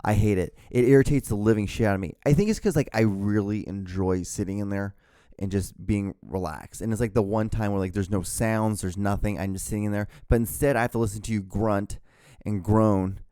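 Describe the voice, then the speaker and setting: A man's voice: fairly low pitch, a little fast, warm tone, smooth, no room sound, clean studio sound. A young man hosting his own show, ranting in a rambling, profane, exasperated way. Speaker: podcast host. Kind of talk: casual rant.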